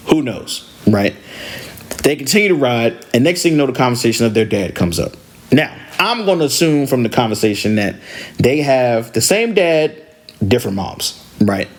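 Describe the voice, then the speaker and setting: A man hosting a podcast, casually telling a story from driving rideshare, animated and full of slang. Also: medium pitch, brisk. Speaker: podcast host and rideshare driver.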